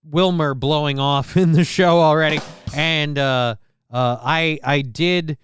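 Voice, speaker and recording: A man hosting his own live show in casual chat, consciously pushing his voice lower than it naturally sits, rambling and poking fun at himself with lots of restarts, into a desk mic on an arm at home. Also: steady tone, slow pace, fairly bright tone, soft background music. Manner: rambling, self-mocking, with many restarts. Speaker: livestream show host.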